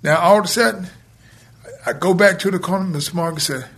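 A man's voice: sits high, husky. A man telling a story from his youth in casual speech, acting out the dialogue and laughing between lines. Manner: animated, retells scenes with quoted dialogue, laughs between lines; colloquial grammar, drawn-out pauses. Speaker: guest telling a life story.

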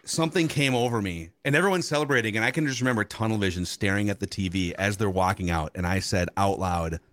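A man hosting a podcast, chatting casually and telling a story with relaxed, dry asides. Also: lowish voice, fast talker, no echo. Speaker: podcast host.

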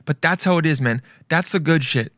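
A man's voice: a little high, brisk, a bit bright, no room sound, studio quality. A young man in a casual, joking reaction commentary, swearing freely and calling everyone dude. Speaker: commentary host.

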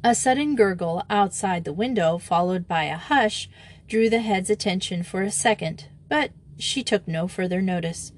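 A woman narrating a children's novel with steady, clear storytelling. Her reading is even and measured, pitched for a book read aloud. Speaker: audiobook narrator.

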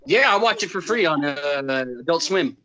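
A man's voice: on the high side, animated, moderate pace, sharp tone. A man in casual chat with friends, teasing them and laughing often.

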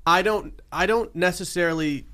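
A man's voice: high-pitched, normal speed, pushed and bright. A man co-hosting a casual podcast chat, joking and teasing the others. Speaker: podcast co-host.

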